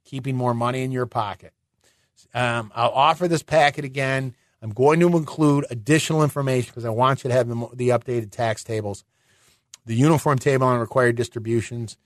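A middle-aged man hosting a finance radio show, explaining in a chatty way with rhetorical questions and quick restarts. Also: mid-range voice, steady tone, dry recording, clean studio sound.

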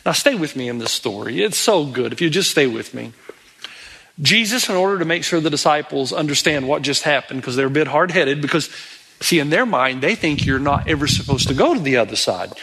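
Middle-aged man, pastor, animated sermon delivery, bright tone. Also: on the high side, a little fast, vocal fry, breathy edge. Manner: animated preaching, acts out pleading voices of Bible characters.

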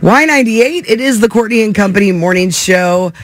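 A man's voice: high-pitched, lively intonation, a little fast, music in the background. A man hosting a morning radio show, bantering casually with co-hosts and laughing often.

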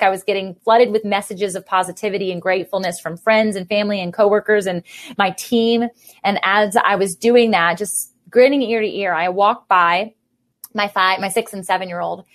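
Fervent woman hosting a faith podcast. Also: on the low side. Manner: fervent, preachy and emphatic. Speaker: podcast host.

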